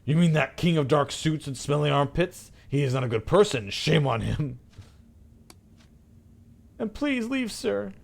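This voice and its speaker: A man's voice: animated, a little slow, vocal fry, pauses often, exaggerated voice. A man voicing a sobbing, embittered middle-aged male illusionist who rants shrilly with hatred. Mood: bitter. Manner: shrill, ranting, spitting hatred.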